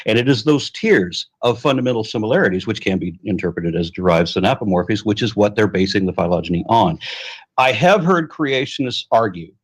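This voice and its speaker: Measured academic man, husky voice. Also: fairly low pitch. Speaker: debater. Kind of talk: debate argument.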